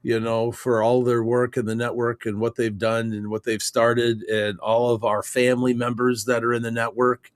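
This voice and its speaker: A man's voice: mid-range voice, little pitch movement, clean tone, no echo. Rambling man co-hosting a chat show. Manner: rambling, halting with many fillers. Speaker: co-host. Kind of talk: casual chat.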